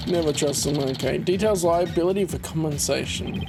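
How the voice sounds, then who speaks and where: A woman's voice: deep voice, moderate pace, hardly any pauses, music in the background. A woman chatting casually as she plays a game, reading its text aloud with wry remarks. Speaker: streamer playing a game. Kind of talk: casual let's-play commentary.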